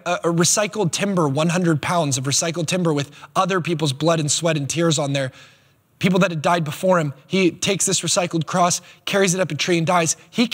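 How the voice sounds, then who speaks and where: A man preaching a sermon as pastor, animated and emphatic, with quick asides. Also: on the high side, slightly rough. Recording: long hall reverb.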